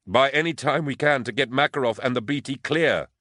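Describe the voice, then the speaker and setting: A man's voice: medium pitch, brisk, pushed and bright, no echo, clean studio sound, pitched above the performer's own voice. A man voicing a grim, driven male commander who barks urgent orders.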